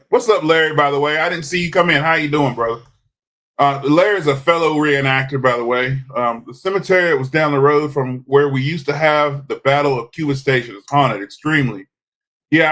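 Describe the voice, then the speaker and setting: A man's voice: mid-range voice, fairly bright tone. A man, chatting casually as co-host of a live podcast, rambling with hesitant restarts. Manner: rambling, hesitant restarts, defensive when teased. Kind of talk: casual live-stream chat.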